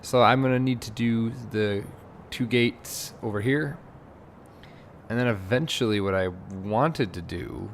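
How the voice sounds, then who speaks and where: Gravelly low-voiced man commentating a game. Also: a little hiss or hum. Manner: rambling, exasperated at bugs. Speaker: let's play host. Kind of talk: casual gameplay commentary.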